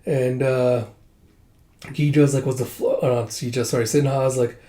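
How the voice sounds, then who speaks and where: A man in a casual, rambling recap, speaking at an average pitch for a man. His talk is loose and full of fillers. He slips the characters' lines into his narration without really doing voices. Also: steady tone, normal speed, warm tone. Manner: loose and chatty, heavy on "like" and "uh"; reads characters' lines inline with little change of voice. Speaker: manga reviewer. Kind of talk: casual recap of a comic volume.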